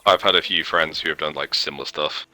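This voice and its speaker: Deep-voiced man with a very bright, cutting edge, dry wry remarks in casual chat. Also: steady tone, fast talker.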